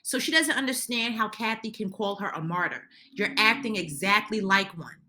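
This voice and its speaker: A woman's voice: medium pitch, normal speed, bright, forceful tone. A woman giving an opinionated recap of a reality show, ranting heatedly and indignantly, often restarting her sentences. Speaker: reality TV commentator.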